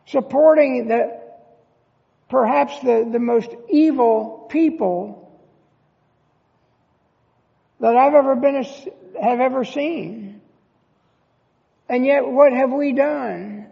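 Pastor, male, slow emphatic sermon delivery, high gravelly voice. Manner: emphatic preaching with rhetorical questions. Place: church sanctuary. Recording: long church reverb, dull lo-fi sound.

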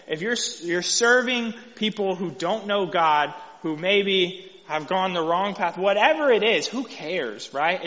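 Texan male preacher, chatty sermon style with a bright, forceful tone; dull recording with long hall reverb. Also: a little high. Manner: casual and conversational, frequent "right?" asides. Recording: echoey hall, dull lo-fi sound.

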